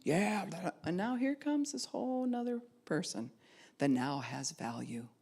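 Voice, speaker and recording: A woman pastor preaching a sermon, acting out quoted voices and dropping to a soft hush at times. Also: on the low side, big pitch swings, a little slow.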